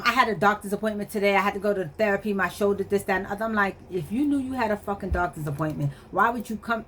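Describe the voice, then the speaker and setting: Woman, casual vlog storyteller, exasperated and slangy, medium pitch. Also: a little hiss or hum. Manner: animated, exasperated retelling with quoted dialogue; conversational, slangy, frequent fillers like "or whatever".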